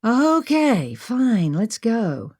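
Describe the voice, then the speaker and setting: A woman's voice: fairly high pitch, very animated, very slow, a little mellow, voice pushed up, full character voice. A woman narrator voicing a nervous, reluctant young woman who talks doubtfully. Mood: anxious. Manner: anxious, doubtful.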